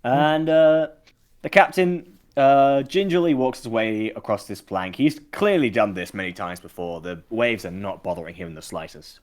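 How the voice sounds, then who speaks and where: A male game master narrates a tabletop session in a mid-pitched voice. He pauses often and fills the gaps with "uh" and "um". He talks casually and describes each scene as he goes. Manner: hesitant, lots of fillers.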